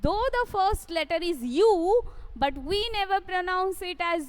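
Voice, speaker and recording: A woman teaching a kindergarten phonics lesson, with a Bengali accent, repeating letter sounds slowly for young children. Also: very high voice. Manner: mixes English with Bengali.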